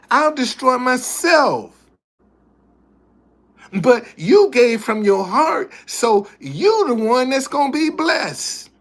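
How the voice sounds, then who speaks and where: A man's voice: high-pitched, fairly bright tone. Emphatic preachy man livestreaming. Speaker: livestream host. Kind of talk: casual livestream commentary.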